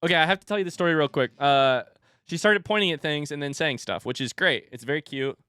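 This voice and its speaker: A man streaming from home, chatting casually and telling an animated story between laughs. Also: a little high, fast, smooth, no room sound, clean studio sound. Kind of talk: casual chat. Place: home room with a standing desk.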